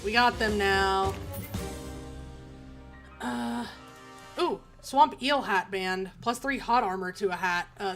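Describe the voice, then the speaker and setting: A woman's voice: fairly high pitch, a bit bright. A woman streamer playing a game, reading its text aloud with wry asides and frequent laughter. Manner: wry, chatty, laughs often.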